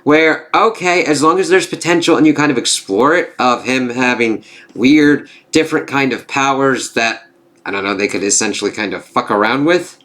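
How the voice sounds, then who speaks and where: A man's voice: medium pitch, moderate pace, a bit bright. A man casually recapping a TV episode, rambling and swearing, full of filler phrases. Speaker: TV reviewer.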